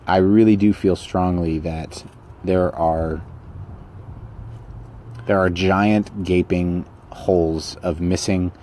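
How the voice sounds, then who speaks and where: A man's voice: deep voice, a little mellow, slight background noise. A man hosting a podcast, talking bluntly and casually about motivation, often repeating and restarting his phrases. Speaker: podcast host.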